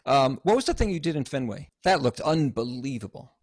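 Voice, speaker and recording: Brief: male host, lively pitch, dry close sound, eager interviewer. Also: fairly quick, no echo. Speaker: podcast host. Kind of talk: casual interview chat.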